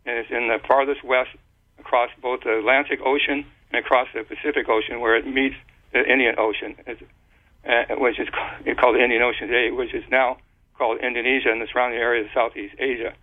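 A man of average pitch talks on and on in a loose, explanatory way, tripping over words and circling back to restart them. His voice comes through a narrow, tinny phone line. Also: little pitch movement. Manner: rambling, halting with many restarts and fillers. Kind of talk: casual explanatory talk.

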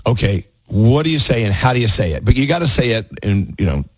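A man's voice: on the low side, very animated, quick pace, husky, dry recording. A man hosting a radio show, chatting casually in the studio and laughing often.

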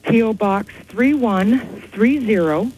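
A woman calling in to a radio talk show, telling a rambling, excited story. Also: a little high, takes it slowly, slight background noise, low-quality recording. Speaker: caller. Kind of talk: call-in radio chat.

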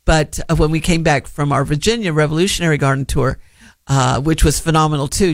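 Chatty gardening radio host. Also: male voice, on the high side, a little fast, over music. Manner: chatty, friendly, rambling with fillers. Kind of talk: casual radio gardening advice.

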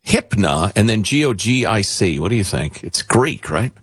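Male talk radio host, husky and animated, dry studio mic, chatty and rambling. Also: lowish voice, normal speed, no room sound. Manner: rambling, chatty, many fillers and restarts. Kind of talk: casual talk radio chat.

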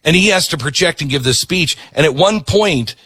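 A man's voice: a little high, slightly rough, no echo. A man hosting a talk show, telling a story with animation and reading ads. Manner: animated storyteller, quick ad delivery. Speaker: host. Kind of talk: talk show chat and ad read.

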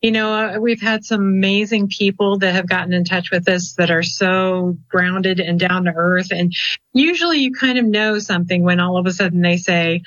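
A woman who coordinates a ghost-hunting group, telling stories in a relaxed interview with many fillers. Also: medium pitch, moderate pace, no room sound, lo-fi sound. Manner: chatty and storytelling, with many fillers. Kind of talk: casual interview chat.

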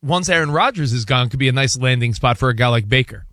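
A man hosting a sports talk show, chatting casually in an animated, rambling, jokey way. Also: medium pitch, fast, dry recording, clean studio sound. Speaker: sports radio host.

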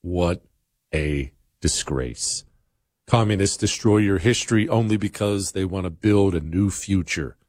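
A man's voice: fairly low pitch, steady tone, moderate pace, hardly any pauses, darkish tone, no room sound, clean studio sound. A man hosting a talk radio show, speaking bluntly and emphatically in a conversational way.

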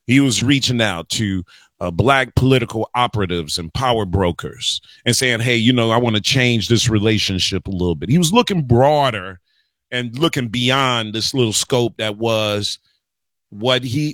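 A man hosting a talk radio show, rambling through an animated political monologue and calling listeners y'all and guys. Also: mid-range voice, moderate pace, no echo. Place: radio studio.

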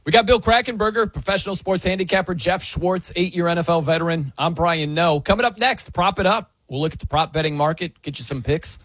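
Upbeat sports radio host, raspy tone. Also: male voice, high voice, dry recording. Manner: lively, enthusiastic, quick banter.

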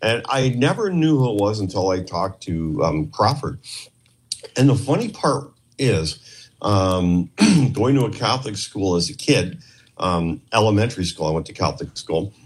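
A low, husky male voice tells a story in a casual interview and keeps breaking off into little acted quotes. He is a talk show guest from Canada who used to train police, and he rambles from one detail to the next. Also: big pitch swings, moderate pace.

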